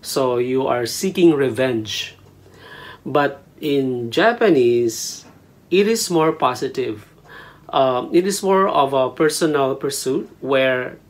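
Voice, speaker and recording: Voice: medium pitch, slow pace. A language teacher gives a casual lesson in a small room, mixing Tagalog and English and spelling words out letter by letter.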